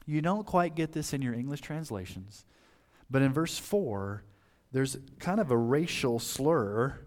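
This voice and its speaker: Man, pastor, sermon, mid-pitched voice, lively swings between loud highs and hushed lows. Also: unhurried. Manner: animated preaching, voice rising on emphasis and dropping low for grave points.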